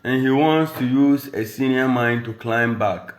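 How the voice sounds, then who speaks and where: A man's voice: mid-range voice, a little slow, echoey room. A man from Ghana with a Ghanaian accent, a rapper and radio presenter, taunting a rival in a boastful diss video, switching between English and Dagbani. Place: at home.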